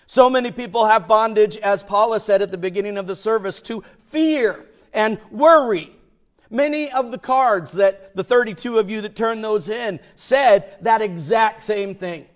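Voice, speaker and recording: A male pastor preaching a sermon in an emphatic way, dropping to a hush and then rising loud for emphasis. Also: high voice, moderate pace. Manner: emphatic, with swings between hushed and loud.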